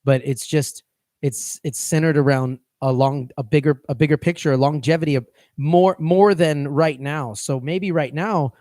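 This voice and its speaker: A man's voice: a little high, moderate pace, a little mellow, no room sound, studio quality. A man co-hosting a fitness coaching podcast, talking casually and rambling, often restarting his phrases.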